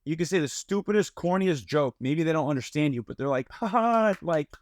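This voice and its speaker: Animated young man telling a story. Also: fairly high pitch, fast, dry recording. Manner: animated, lots of fillers and slang. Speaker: podcast guest. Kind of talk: casual chat, storytelling.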